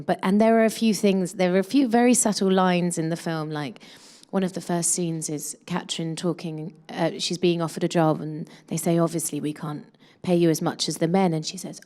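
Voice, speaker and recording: A woman's voice: on the low side, dark tone. A woman in her thirties, an actress chatting casually in a press interview, with many fillers and restarts.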